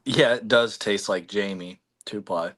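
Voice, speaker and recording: Man, stream host, low-ish voice, rambling filler-heavy delivery, talking while eating. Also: measured pace, background noise. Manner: chewing food while talking. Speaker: livestream host. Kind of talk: casual livestream chat.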